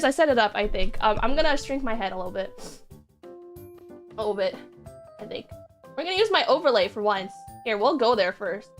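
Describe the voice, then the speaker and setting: A young woman streaming, chatting casually in a rambling, giggly, self-deprecating way. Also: mid-range voice. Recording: faint music behind.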